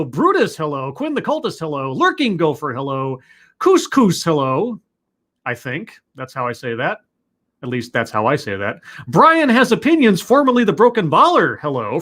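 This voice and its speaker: A man hosting a casual live stream, greeting his chat one by one and chatting about his day in a playful, rambling way. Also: a bit bright. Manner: playful, greets chat members one by one with sudden pitch jumps. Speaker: live-stream host reacting to talks. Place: home room.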